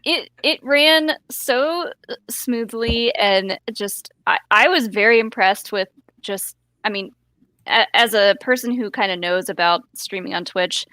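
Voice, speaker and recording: A young woman on a podcast panel, chatting enthusiastically in a slightly halting way. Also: mid-range voice, pushed and bright, no room sound. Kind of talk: casual chat.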